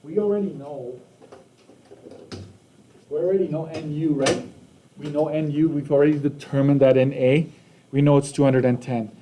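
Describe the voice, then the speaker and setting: Mellow-voiced male math teacher. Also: a little high, steady tone, moderate pace, pauses often, slight background noise. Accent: Canadian. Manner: casual, checks in with "right?" and "okay?". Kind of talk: recorded math lesson.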